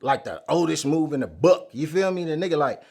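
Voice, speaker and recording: A man as an interview guest, telling a story in casual chat, animated and full of street slang. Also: on the high side, brisk, creaky, husky. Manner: animated, acts out quoted lines loudly, heavy street slang.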